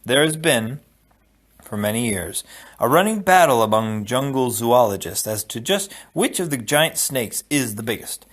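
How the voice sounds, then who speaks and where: Male audiobook narrator, expressive storytelling, middle pitch. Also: moderate pace. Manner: expressive storytelling, dropping low for asides. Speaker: audiobook reader.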